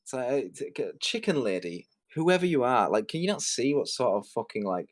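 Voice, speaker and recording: A man hosting a commentary video, ranting sarcastically with lots of swearing and sudden jumps in pitch. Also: sing-song, a little fast, hardly any pauses. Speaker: commentary host.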